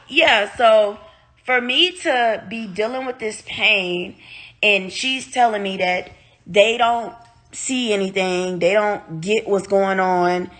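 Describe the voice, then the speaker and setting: Sharing something personal with her viewers, this woman vlogger speaks at a medium pitch. Her delivery is blunt and animated, full of swearing, and she seems upset, almost crying.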